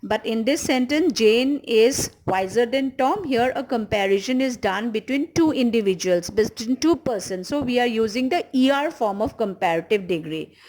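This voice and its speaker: Indian english lady teacher going over grammar, slightly high voice, slows right down on examples. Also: animated, darkish tone, poor audio. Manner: patient, explains slowly and repeats key words. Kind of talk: grammar lesson.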